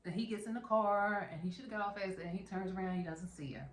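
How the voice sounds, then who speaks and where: A woman's voice: medium pitch, fast, slight background noise. A woman casually retelling a horror film's plot, acting out scenes with sound effects. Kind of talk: casual film recap. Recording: roomy echo.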